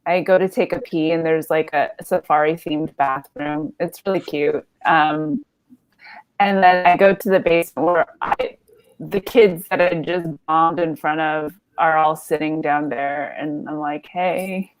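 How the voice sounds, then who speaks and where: A woman's voice: low-pitched, fairly even intonation, measured pace. A woman in her thirties telling a comedy story, rambling and self-deprecating with lots of fillers and laughs.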